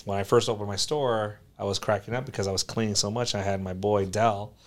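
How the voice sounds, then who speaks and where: A man from South Florida, a collectibles store owner, telling a story as a podcast guest with lively acted-out quotes. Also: lowish voice, brisk. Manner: animated, acts out quoted voices loudly.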